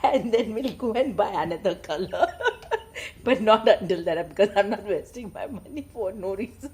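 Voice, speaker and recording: A woman's voice: medium pitch, expressive, moderate pace, a little mellow. A woman, chatting casually and telling stories, laughing often. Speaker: storyteller. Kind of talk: casual chat and story reading.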